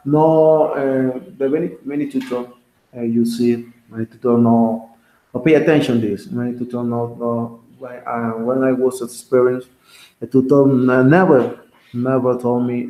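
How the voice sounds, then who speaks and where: A male English teacher whose first language is Spanish, talking haltingly in an online conversation class, with many restarts and self-corrections. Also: mid-range voice, little pitch movement, dark tone. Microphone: video call. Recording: roomy echo.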